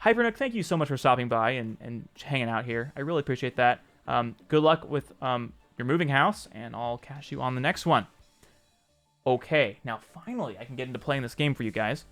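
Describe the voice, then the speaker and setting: A man's voice: mid-range voice, animated, brisk, a bit bright, faint music behind. A man casually chatting with his live-stream audience, answering viewers by name, joking, and correcting himself as he goes. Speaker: streamer and game developer.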